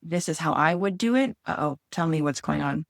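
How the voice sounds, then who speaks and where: A woman's voice: low-pitched, animated, fairly quick, dry recording, studio quality. Candid, emotional woman podcast host. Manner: candid, openly emotional, searching for words. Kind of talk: casual heartfelt chat.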